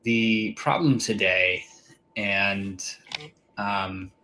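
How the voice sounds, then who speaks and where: A man, a company chief executive, explaining his company's vision on a call in a measured, thoughtful way with some fillers. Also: lowish voice, fairly even intonation, pushed and bright, slight background noise, poor audio. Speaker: CEO guest.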